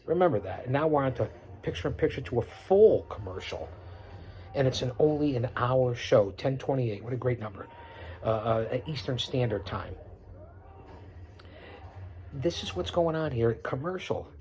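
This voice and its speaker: A man's voice: medium pitch, expressive, moderate pace, pauses often, a little mellow. A middle-aged man hosting his own podcast, giving unscripted live commentary over a wrestling broadcast in a boastful, preachy way, repeating himself and rattling off lists. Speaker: podcast host doing wrestling watch-along commentary.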